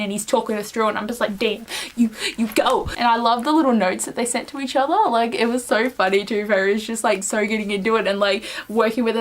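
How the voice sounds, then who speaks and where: A young woman with an Australian accent talks fast and eagerly about a favourite book, her voice sitting a bit high. She gushes, swears casually and piles on filler words as she chats on her channel. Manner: gushing, excitable, swears casually. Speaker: book vlogger. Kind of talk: casual book review chat.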